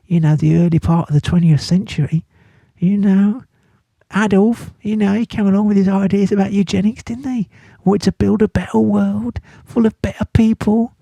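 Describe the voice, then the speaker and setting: A man's voice: a little high, vocal fry, dark tone, breathy edge, no echo. A man teaching a casual study-guide lesson, chatty and playful, with jokey asides. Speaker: English literature teacher.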